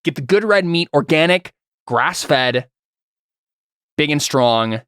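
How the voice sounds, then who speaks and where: A man's voice: fairly high pitch, animated, takes it slowly, fairly bright tone, clear, resonant tone, no room sound, studio quality. A man voicing a hearty, bossy middle-aged father who lectures in a folksy way and keeps asking "all right?". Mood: lecturing.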